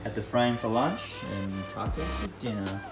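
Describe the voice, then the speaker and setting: A man's voice: on the low side, lively intonation, normal speed, loud music behind the voice. A man hosting a vlog, talking casually and brashly through a cooking demonstration outdoors at a barbecue. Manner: brash and easygoing, mild swearing. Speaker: vlog host.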